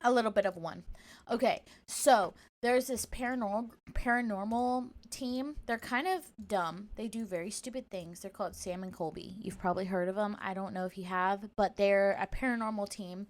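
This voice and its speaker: A woman co-hosting a casual podcast, telling a story in a chatty, animated way. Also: mid-range voice, moderate pace. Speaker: podcast co-host.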